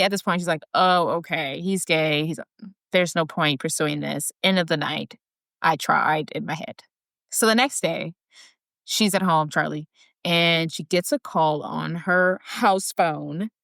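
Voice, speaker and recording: A woman's voice: low-pitched, gravelly, fairly bright tone, dry recording, studio quality. A woman co-hosting a podcast, telling a movie's plot in a casual, chatty way. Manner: chatty storyteller, quick asides and laughs. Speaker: podcast co-host. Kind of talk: casual movie recap chat.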